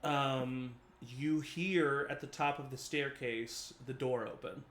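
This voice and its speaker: Sex: man. Role: game master. Style: slow, roomy tabletop narration. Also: mid-range voice, fairly even intonation, fairly bright tone, a little hiss or hum. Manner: hesitant, with many "um"s and "uh"s.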